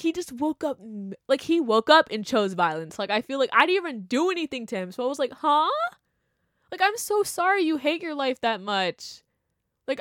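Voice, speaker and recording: A young woman telling a story in casual chat, animated and full of fillers, acting out what people said. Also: on the high side, no echo, clean studio sound. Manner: animated, chatty, full of "like" and laughter, acts out quotes. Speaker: vlogger.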